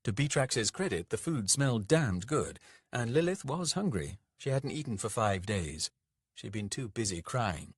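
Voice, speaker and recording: A man narrating an audiobook in a gentle, measured reading. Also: mid-range voice, very animated, breathy edge, no echo, studio quality. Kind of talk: scripted narration.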